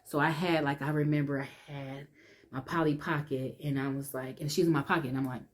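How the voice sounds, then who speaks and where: A woman telling her personal testimony in an emotional, conversational way, restarting often and dropping to a hush when she relives fear. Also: sits low, fairly even intonation, a little fast. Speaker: vlogger sharing her testimony.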